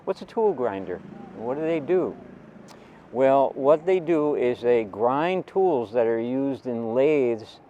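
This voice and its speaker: A man's voice: mid-range voice, lively intonation, slow, warm tone, dull audio, slight background noise. Rambling older man telling stories. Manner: rambling, digressive, with asides to the listener. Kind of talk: personal storytelling.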